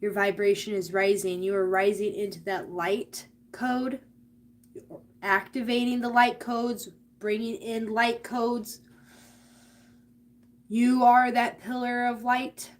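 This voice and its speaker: Earnest higher-pitched woman reading cards. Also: flat delivery, slow pace. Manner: earnest, spiritual, speaks directly to the viewer. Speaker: tarot and oracle card reader. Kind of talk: live astrology card reading.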